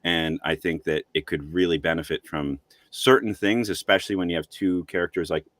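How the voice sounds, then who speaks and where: A male voice actor chatting on a livestream over a video call, explaining things in a relaxed way. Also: low voice, brisk, no echo. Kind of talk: livestream chat.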